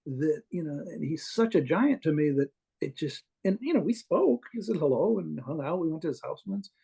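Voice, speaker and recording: A man's voice: fairly high pitch, very animated, normal speed, vocal fry, warm tone, husky. A man being interviewed as a guest artist, telling long, rambling anecdotes full of restarts and little chuckles. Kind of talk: casual interview storytelling.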